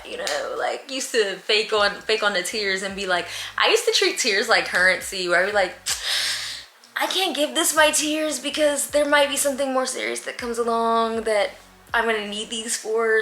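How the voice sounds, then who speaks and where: A woman's voice: mid-range voice, pushed and bright. A young woman vlogging at home, answering viewer questions in a candid, chatty way with slang and laughs. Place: room at home with a fan. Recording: echoey room.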